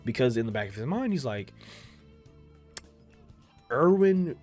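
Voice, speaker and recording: A young man with a mid-range voice talks through an anime episode in loose, profane reaction commentary. He circles back over his points and repeats himself, then bursts into loud, high exclamations. Faint music plays behind him. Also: sing-song, quick pace. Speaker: anime reaction video creator.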